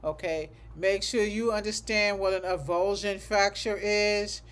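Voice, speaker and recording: Teaching a medical coding class over livestream, the instructor speaks at a middling pitch, relaxed and conversational, thinking aloud throughout. He often tags on a checking "okay?", reads out code numbers slowly and twice, and throws in occasional asides.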